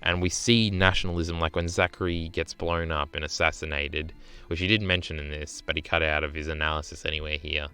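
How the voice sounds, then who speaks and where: Deep-voiced profane male streamer. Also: fairly even intonation, brisk, sharp tone, clear, resonant tone. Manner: rambling, profane, lots of "uh" and "right?". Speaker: streamer reacting to an article. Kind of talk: casual reaction commentary.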